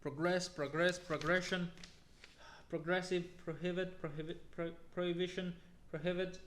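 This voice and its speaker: A man slowly reading a long list of words aloud one by one, with now and then an exasperated aside. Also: sits high, reverberant, a little hiss or hum. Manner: slow, flat word-by-word reading with exasperated asides. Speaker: youtuber.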